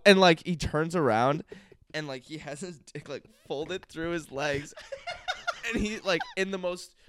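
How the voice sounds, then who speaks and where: A man in his twenties co-hosting a podcast, telling stories in an animated way with quick bursts and frequent laughter. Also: on the high side, clean tone, no room sound. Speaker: podcast co-host. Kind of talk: casual chat.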